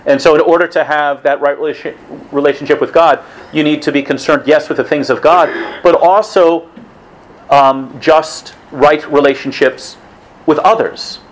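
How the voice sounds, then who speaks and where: A man's voice: fairly high pitch, fairly even intonation, normal speed, a little hiss or hum, poor audio. A man giving a conversational religious talk to a weekly evening group, casual in tone, with restarts and asides.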